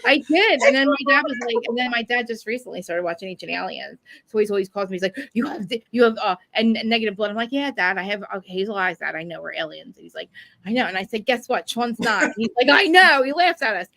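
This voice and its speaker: A woman talks at a fast clip in a relaxed, chatty way, with a gravelly fry in her voice. She rambles through animated stories, piling up fillers as she goes. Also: medium pitch, poor audio. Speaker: podcast co-host. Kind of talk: casual chat.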